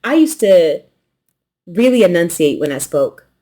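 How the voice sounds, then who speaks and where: A woman with a light Southern US accent, hosting a quilting channel and chatting casually through an unboxing, relaxed and rambling, sometimes swallowing her consonants. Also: lowish voice, a little slow. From New York.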